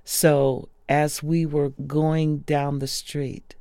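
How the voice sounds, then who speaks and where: A woman sharing personal memories of a close friend in an interview, soft-spoken and often dropping to a hush. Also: low-pitched, little pitch movement, very slow, no room sound.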